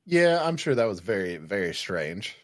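A woman's voice: rumbling low, big pitch swings, moderate pace. A woman co-hosting a podcast and running tabletop games, chatting animatedly, laughing often and swearing freely. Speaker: podcast co-host and game master. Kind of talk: casual chat.

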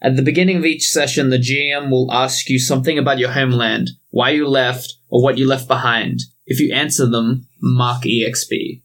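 A man's voice: mid-range voice, fairly even intonation, moderate pace, few pauses, fairly bright tone. A man playing a tabletop role-playing game, answering in a casual, agreeable way.

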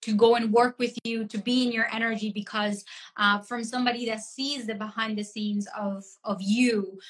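A woman's voice: fairly high pitch, steady tone, normal speed. A woman coach hosting a live chat, praising her guest and repeating her words as she goes. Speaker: host, coach. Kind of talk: casual chat on a live stream. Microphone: video call.

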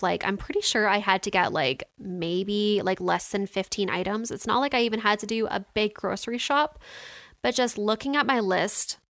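A young woman talks through her week in a casual vlog, candid and chatty, full of fillers. Her voice is smooth and resonant. The sound is close and dry, with no room around it. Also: mid-range voice, fairly bright tone, no echo. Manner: chatty, candid, lots of "like" and "you know" fillers. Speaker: vlogger. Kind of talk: casual personal storytelling.

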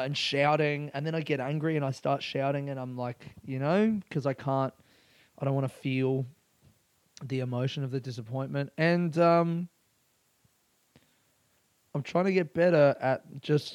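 A man's voice: medium pitch, a little mellow, no echo. A comedian, talking in a rambling, self-deprecating way, swearing often and laughing at his own story. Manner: frequent restarts and laughs. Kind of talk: casual monologue.

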